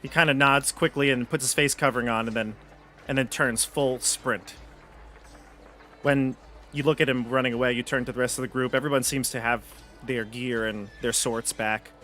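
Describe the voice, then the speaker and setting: A man narrating as dungeon master of a tabletop game, describing scenes in a relaxed way with frequent restarts. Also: mid-range voice, moderate pace, faint music behind.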